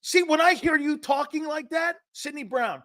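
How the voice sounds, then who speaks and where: A man hosting a sports talk show, brash and profane, arguing loudly with his co-host. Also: very high-pitched, moderate pace, no room sound.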